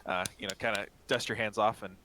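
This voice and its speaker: A man's voice: fairly low pitch, fairly even intonation, fast talker, bright, forceful tone, a little hiss or hum. A man narrating as game master in a casual, filler-heavy way.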